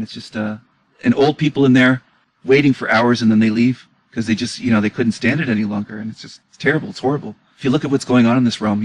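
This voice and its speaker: A man with a husky, slightly rough voice talks back at clips in an emotional reaction commentary. He sounds indignant, pressing the same questions again and again. His pitch sits right in the middle. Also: low-quality recording.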